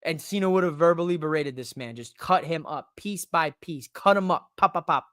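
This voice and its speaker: A man hosting a podcast, ranting casually about wrestling in an animated, profane, joking way. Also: fairly high pitch, normal speed, clean tone, no echo, studio quality. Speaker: podcast host. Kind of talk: casual wrestling recap rant.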